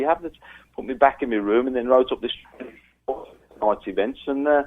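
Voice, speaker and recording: A man's voice: medium pitch, normal speed. A man telling road stories as a guest, acting out quotes and voices as he goes. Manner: animated storyteller, acts out quotes with a raised voice. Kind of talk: casual storytelling chat. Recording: tinny phone line.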